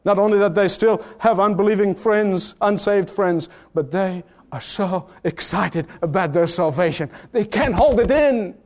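A man's voice: high-pitched, unhurried, hardly any pauses, darkish tone. A man preaching a sermon as pastor, building emphatic repeated phrases that rise in force.

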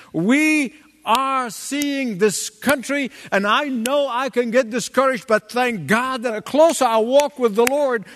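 A man preaching a sermon as pastor, dramatic and animated, acting out the voices of the people in his story. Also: very high voice, long reverb tail.

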